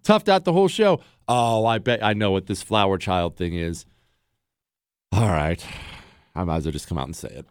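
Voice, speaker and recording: A man's voice: low-pitched, animated, normal speed, clean tone, no room sound. A man hosting a talk radio show, sarcastic and bantering with his producers in the studio. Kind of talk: casual talk radio monologue. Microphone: studio microphone.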